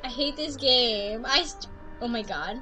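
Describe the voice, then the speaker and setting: A woman streaming a game, chatting casually in slang and breaking into loud outbursts. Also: a little high, measured pace, poor audio. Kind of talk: casual gaming livestream chat. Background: game music.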